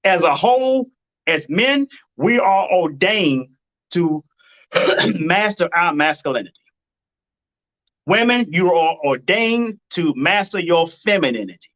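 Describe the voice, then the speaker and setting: A man's voice: sits high, animated, slow, pauses often, a bit bright, dull audio. A man hosting a live-stream advice talk, blunt and preachy, hammering his points by repeating them. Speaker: dating advice host.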